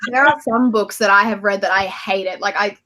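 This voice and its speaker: A woman's voice: mid-range voice, steady tone, fairly quick, bright, forceful tone. A young Australian woman hosting a casual livestream book chat, chatty and swearing freely. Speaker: host.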